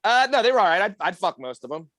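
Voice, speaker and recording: High-voiced man, animated storyteller. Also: quick pace, no echo. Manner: animated storyteller, acts out quotes. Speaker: podcast co-host. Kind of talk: casual profane chat.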